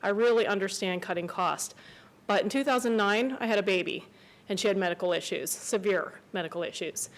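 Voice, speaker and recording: A woman's voice: mid-range voice, a little fast, low-quality recording. A woman in her forties, a resident giving an earnest, emotional public comment at a county commissioners' meeting.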